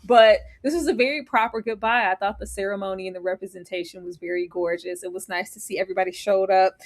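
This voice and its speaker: A woman co-hosting a casual live recap chat, expressive and emphatic, often laughing as she talks. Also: mid-range voice, fast talker. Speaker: co-host.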